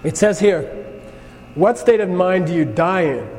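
A man teaching a Buddhist class gives a lecture full of anecdotes, telling stories conversationally and often checking in with his students. His voice sits high and has a darkish tone; he's animated but speaks a little slowly. The recording has long hall reverb, faint ambience, and slight background noise.

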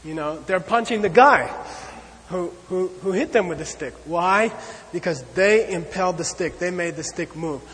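A man teaching a lecture on Buddhist ideas, talking in an animated, conversational way and checking in often with "okay?" and "you know.". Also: high-pitched, normal speed. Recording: long hall reverb.

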